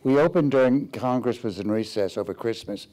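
A man's voice: medium pitch, brisk, mellow. An older man on a panel telling stories from his career, hesitant with many fillers and breaking into laughs. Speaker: playwright on a panel. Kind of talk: onstage anecdotal storytelling. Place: theater stage before an audience.

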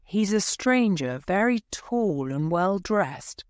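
A woman's voice: medium pitch, expressive, takes it slowly, a little mellow, no room sound, studio quality, voice pushed up. A woman voicing an anxious old mother in a storybook reading for learners, with a plain, careful reading voice. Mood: excited.

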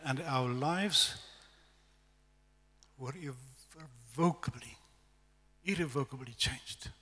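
A middle-aged man with a South African accent, telling a lively, self-deprecating testimony as a guest preacher at a church evening service. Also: medium pitch, slow pace, husky. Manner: storytelling, animated, self-deprecating humor. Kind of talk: testimony sermon. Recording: echoey church hall reverb.

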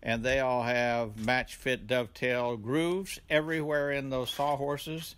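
An older man with a Southern accent giving a rambling, folksy tour of his home garage workshop, pausing often with "uh". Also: medium pitch, fairly even intonation, fairly bright tone, smooth. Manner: rambling, folksy, many "uh" pauses. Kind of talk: casual tool tour.

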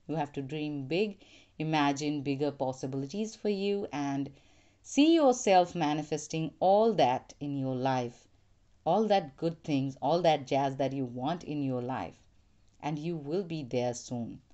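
A woman giving a tarot card reading to a viewer, speaking in an unhurried, reassuring way. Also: deep voice, animated, dark tone, dull audio. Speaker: tarot reader.

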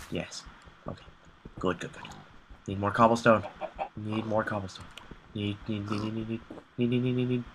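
A man's voice: on the low side, background noise. A young man commentating his own video game play, panicky and talking to himself, repeating words in frantic bursts. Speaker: gameplay commentator. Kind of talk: live gameplay commentary.

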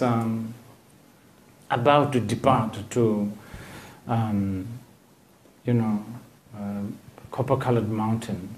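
A man giving a dharma talk as a Buddhist teacher. He rambles, hunts for words, and fills the gaps with "you know," with gently humorous asides. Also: mid-range voice. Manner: digressive, searching for words, frequent "you know".

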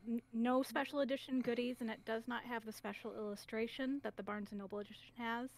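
A woman's voice: a little high, fairly even intonation, fast. A woman chatting as a guest on a game stream, carefully laying out the details. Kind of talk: casual gaming stream chat.

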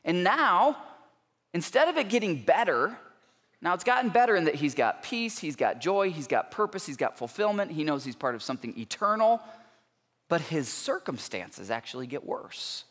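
Guy pastor preaching, slightly high voice, earnest and emphatic, big church hall echo. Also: big pitch swings, fairly bright tone. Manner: earnest, emphatic preaching with rising intensity and pauses. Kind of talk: sermon. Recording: long church hall reverb.

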